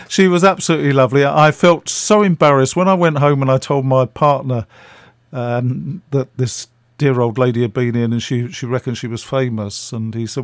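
Speaking at a moderate pace in a mid-range voice, an older man on the radio shares chatty anecdotes at his own expense and acts out the characters. The recording has no echo.

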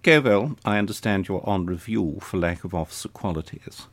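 A man's voice: sits low, expressive, normal speed. An older man playing a haughty upper-class officer, speaking in a clipped English upper-class accent. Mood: condescending. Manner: clipped, superior. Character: clipped posh male officer, haughty and condescending.

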